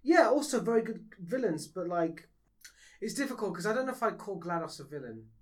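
A man co-hosting a casual podcast chat, animated and laughing often, swinging between loud and soft. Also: sits high, brisk. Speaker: podcast co-host.

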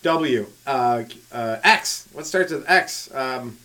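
A man doing a rambling stand-up comedy monologue on his podcast, riffing with frequent asides to the listener and swinging between loud and hushed delivery. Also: medium pitch, lively intonation, slow. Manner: riffing, talks to listener with frequent "right?" and "you know".

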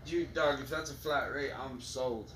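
A man's voice: mid-range voice, steady tone, a little slow, fairly bright tone. A man joking around with friends in slangy banter. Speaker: friend in a recorded hangout. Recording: echoey with background noise.

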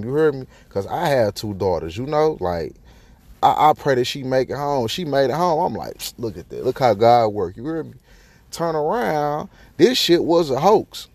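A man's voice: mid-range voice, gravelly, darkish tone, dry recording. A young man hosting a podcast, ranting bluntly and incredulously in heavy slang with lots of profanity. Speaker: podcast host. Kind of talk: profane casual commentary.

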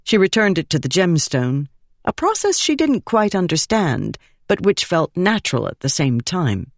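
A woman reading a fantasy audiobook in measured, expressive narration. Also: fairly low pitch, no room sound.

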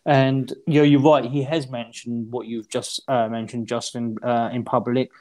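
A man giving opinions on a film in casual podcast chat, rambling and halting. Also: medium pitch, flat delivery, a little mellow. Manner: rambling, halting, many restarts. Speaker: podcast co-host.

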